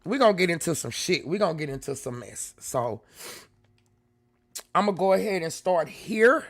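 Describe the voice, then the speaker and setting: High, bright-voiced male streamer. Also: no echo, studio quality. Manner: emphatic, repeats himself, swears freely. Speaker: livestream host. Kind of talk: live stream commentary.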